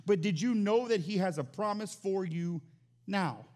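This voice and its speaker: A man preaching as pastor, animated, swinging from loud exclamations to quiet emphatic lines. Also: high voice, a little slow. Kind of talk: sermon.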